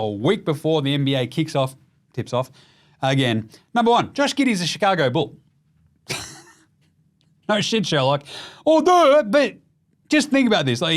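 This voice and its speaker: Aussie male podcast host, animated pitch, slightly high voice, foul-mouthed and jokey. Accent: Australian. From Australia. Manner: animated, profane, jokey, bursts into shouts. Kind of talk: casual sweary basketball chat.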